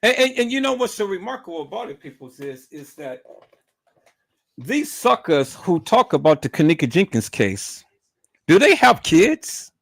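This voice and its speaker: A man's voice: high-pitched, very animated, moderate pace, creaky, fairly bright tone, no echo. A man ranting on a live stream, swearing heavily and stumbling over repeated words as he gets heated. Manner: profane, repeats words and restarts when worked up. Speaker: livestreamer.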